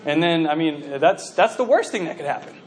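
A male preacher delivering a sermon in a high, light voice. He tells stories animatedly, restarting his sentences and filling the pauses with "you know". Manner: animated storytelling with many fillers and restarts.

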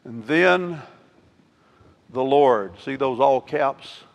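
Male pastor, measured unhurried delivery, animated scripture readings. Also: medium pitch. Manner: animated, acts out scripture with rising emotion. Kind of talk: sermon. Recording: long church reverb.

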